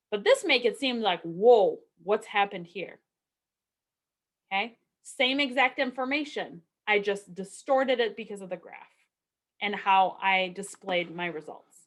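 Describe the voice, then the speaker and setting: A statistics instructor with a medium-pitched, slightly bright voice talks through a recorded lecture casually. Rhetorical questions come up often, as do her check-ins of "okay" and "right."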